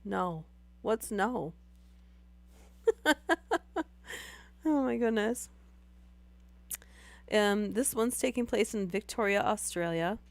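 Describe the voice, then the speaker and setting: A woman with a hoarse, worn voice after losing it, casually reading stories aloud on a live stream and laughing between lines. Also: mid-range voice, expressive, takes it slowly, pauses often.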